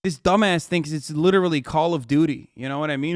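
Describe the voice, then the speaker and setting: A man's voice: fairly high pitch, fast talker, no echo, studio quality. A man streaming a reaction video, ranting at his chat with heavy swearing and rising anger. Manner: profane, heated ranting at chat. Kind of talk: livestream reaction commentary.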